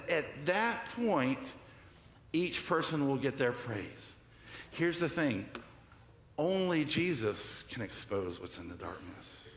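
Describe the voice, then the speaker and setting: A man pastor preaches in a slightly raised voice, quizzing the congregation and slipping into quoted voices. His words ring through a reverberant church hall. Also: fairly bright tone. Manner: call-and-response preaching, asks congregation "what?"; acts out quoted voices with shifts in pitch and pace. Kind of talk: sermon. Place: church sanctuary.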